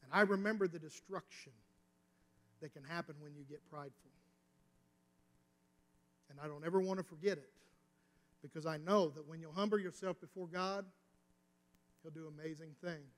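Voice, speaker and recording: Preaching from a church sanctuary, a pastor shares a personal story at a moderate pace, leaving long pauses as the intensity rises and falls. His voice is on the high side with a fairly bright tone, and the hall is reverberant.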